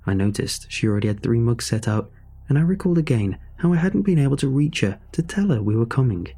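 A man narrating a horror story in a measured, suspenseful way. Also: mid-range voice, sing-song, dark tone, husky.

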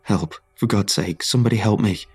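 A man's voice: fairly low pitch, brisk, a little mellow, breathy edge, faint music behind. A man voicing a terrified young man who whimpers and begs to be let in. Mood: begging. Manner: desperate, whimpering, begging.

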